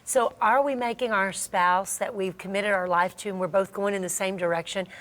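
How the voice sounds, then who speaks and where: A middle-aged woman hosting a Christian marriage talk, telling a story in a lively way, acting out the voices she quotes and laughing often. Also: mid-range voice, normal speed. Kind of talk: animated storytelling chat.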